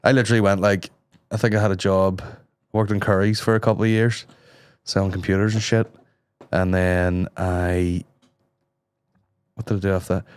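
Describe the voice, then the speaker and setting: A man's voice: low-pitched, flat delivery, moderate pace, long pauses, clear, resonant tone, no echo. A man with a Northern Irish accent telling jokey stories and swearing freely in casual podcast chat.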